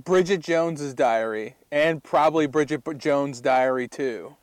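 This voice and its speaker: A man's voice: fairly high pitch, unhurried, no echo. A man co-hosting a podcast in casual comedic chat, rambling with lots of fillers and frequent laughter. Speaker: podcast co-host.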